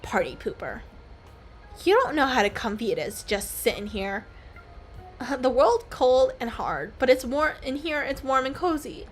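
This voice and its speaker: A woman's voice: high-pitched, animated, normal speed, faint music behind. A woman doing a drowsy lazy frog in a pot. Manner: sleepy, laid-back, a little grumpy.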